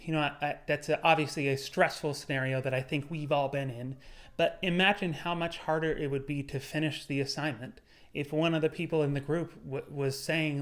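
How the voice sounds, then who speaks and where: Young man, vlogger, earnest motivational talk, measured, slightly high voice. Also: fairly even intonation. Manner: earnest, measured, slowing on key words. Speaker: YouTuber. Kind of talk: motivational vlog monologue.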